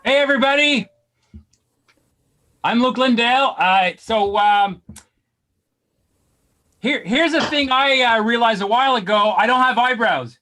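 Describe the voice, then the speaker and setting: High bright-voiced stand-up man. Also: a little slow, long pauses. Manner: deadpan, self-deprecating, bursts into shouts. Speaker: stand-up comic. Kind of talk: stand-up set.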